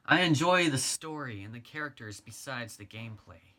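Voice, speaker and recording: Earnest, chatty sixteen-year-old gamer boy, as a man reads him, bright and forceful voice, fan-story reading. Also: medium pitch, expressive, normal speed. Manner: talks straight to the listener, chatty. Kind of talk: first-person storytelling reading.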